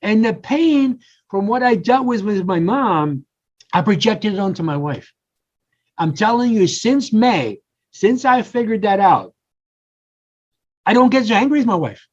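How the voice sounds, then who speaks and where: An older man talks through his own stories with animated energy. He jumps into the voices of the people he quotes. The audio sounds a bit dull and lo-fi. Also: high-pitched, a little slow, pauses often. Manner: animated storyteller, acts out quotes. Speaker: podcast guest, coach. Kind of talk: casual interview talk.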